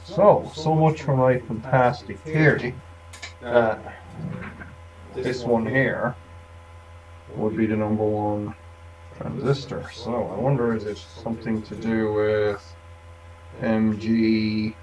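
A man's voice: on the low side, fairly even intonation, slow pace, long pauses, a crowd in the background. A man thinking aloud at a workshop bench, rambling casually with wry asides as he demonstrates electronics work. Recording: distant mic with faint room noise.

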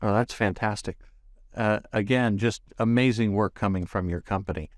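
A man hosting a podcast interview, enthusiastic and halting, with many fillers and restarts. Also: on the low side, dry recording, clean studio sound. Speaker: podcast host.

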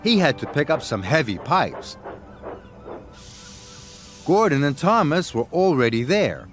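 An American man reads a children's story aloud at an unhurried pace. His pitch rises and falls with lively storytelling. Soft music plays underneath. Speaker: narrator. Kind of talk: storybook narration.

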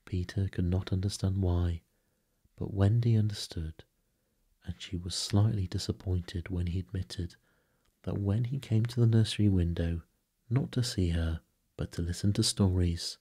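A man softly narrating a bedtime story in a hushed, breathy way. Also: low-pitched, steady tone, normal speed. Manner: soft, hushed, breathy delivery.

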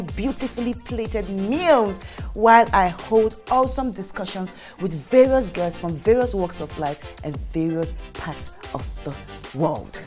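A woman hosting a casual talk show, animated and emotional, speaking dramatically. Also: medium pitch. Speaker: host.

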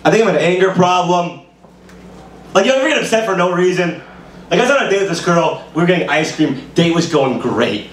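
Man, stand-up comic, rambling, lively swooping pitch, echoey small club, faint hiss. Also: fairly quick. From Brooklyn, New York. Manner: rambling, casual, lots of "you know". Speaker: stand-up comedian. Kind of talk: stand-up set at an open mic. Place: small bar comedy room. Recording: roomy live room, mic heard from a distance, faint hiss.

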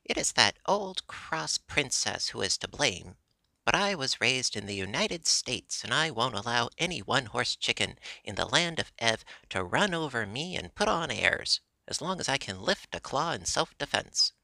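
A man's voice: mid-range voice, big pitch swings, normal speed, gravelly, sharp tone, no echo, heavily acted. A man voicing a proud, scrappy hen in a storybook reading, speaking brashly and defiantly. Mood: boastful.

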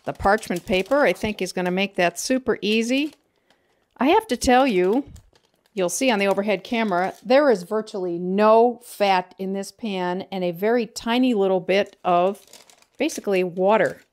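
A woman's voice: medium pitch, moderate pace, a little mellow. A woman hosting a home cooking show, cheerfully talking the camera through each step of a casual demonstration in her kitchen.

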